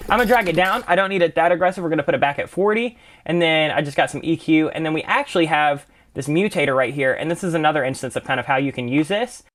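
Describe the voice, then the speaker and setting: A young man walks through music production plugins in a relaxed, conversational way. His voice sits a little high, and he talks quickly, with plenty of "kind of" and doubled words. He sounds like a friendly tutor sharing his own workflow. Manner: relaxed, chatty, full of fillers like "kind of" and "really, really". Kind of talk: casual screen-share tutorial.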